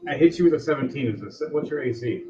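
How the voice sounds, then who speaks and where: A man's voice: medium pitch, lively intonation, fast, dark tone. A man narrating as game master of a tabletop game, loose and rambling and laughing between rulings. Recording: dull lo-fi recording.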